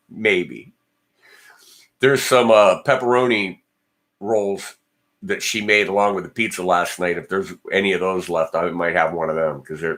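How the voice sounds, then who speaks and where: With a low, fairly bright voice, a man hosts a casual guitar channel livestream. Joking and blunt, he rambles while talking back to what viewers write in the comments.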